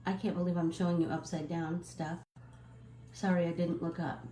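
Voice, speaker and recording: Middle-aged woman host, casual and apologetic, slow talker, recorded in a reverberant room. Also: lowish voice, steady tone, mellow, faint music behind. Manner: chatty, apologetic, many fillers and restarts. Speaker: artist hosting a live stream. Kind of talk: casual live-stream chat.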